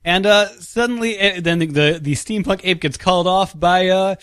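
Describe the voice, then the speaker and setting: A man's voice: sits high, moderate pace, fairly bright tone, clean tone, no echo. Wry man recapping on a podcast. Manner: dry, wry storytelling. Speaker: podcast co-host.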